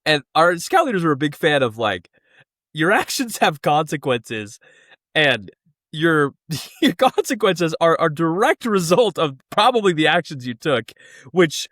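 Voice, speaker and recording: A young man swapping stories on a podcast, his voice sitting a little high and swinging widely as he laughs and acts out the people he quotes. The sound is dry and close, with no room around it. His talk is casual and quick to laugh. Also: no room sound. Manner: animated, laughs often, jumps up in pitch for quoted voices. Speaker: podcast co-host. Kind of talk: casual storytelling chat.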